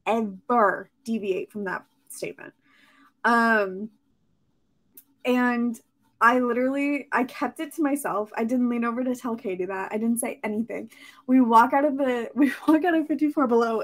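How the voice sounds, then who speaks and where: A chatty young woman talks through her own podcast in a relaxed monologue. Her voice sits a little high, and she gushes and laughs easily as she goes. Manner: chatty, gushing, laughs often. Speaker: podcast host. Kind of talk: casual monologue.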